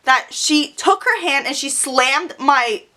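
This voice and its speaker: A young woman tells a story straight to her vlog audience, brash and full of swearing. Her voice sits high and bright, and she jumps quickly from one thought to the next as she keeps it animated. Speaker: vlogger.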